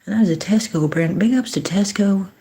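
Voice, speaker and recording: A woman hosting a casual livestream, chatting to viewers, giving blessings and greetings, and often dropping into soft whispered asides. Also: mid-range voice, a little fast. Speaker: livestream host.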